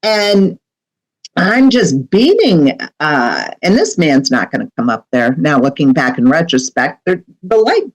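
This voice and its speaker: A woman's voice: low-pitched, very animated, a little slow, low-quality recording. A middle-aged woman, a medium, telling a personal story as a podcast guest in a chatty way, with many fillers and asides.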